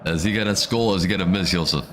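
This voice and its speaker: Brief: male streamer, lowish voice, fired-up football reactions, repeats lines for emphasis. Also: very fast, a little hiss or hum. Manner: excitable, ranting, repeats himself. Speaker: watch-along streamer. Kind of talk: live football reaction commentary.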